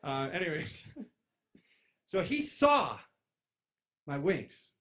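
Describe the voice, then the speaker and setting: A man's voice: sits high, drawn-out words. A man giving a casual spiritual talk to an audience, telling stories and acting out other people's voices. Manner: animated, acts out voices in stories, addresses crowd as "you guys". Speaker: spiritual speaker.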